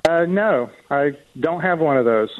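A man's voice: a little high, expressive. Hesitant man calling in on a dull line. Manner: hesitant, halting with fillers. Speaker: caller. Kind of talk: casual call-in chat.

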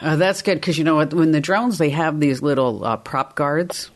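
A woman's voice: low-pitched, moderate pace. A woman hosting a radio call-in show, chatting casually and rambling through a story.

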